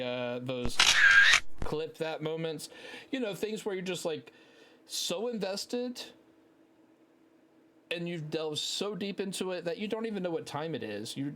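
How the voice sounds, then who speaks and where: A man, hosting a casual solo podcast through a headset, telling rambling, profane, self-mocking stories. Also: a little high. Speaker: podcast host.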